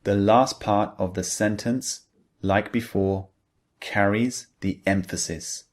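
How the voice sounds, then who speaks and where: A man teaching English grammar in a slow, clear scripted lesson. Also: fairly low pitch, steady tone.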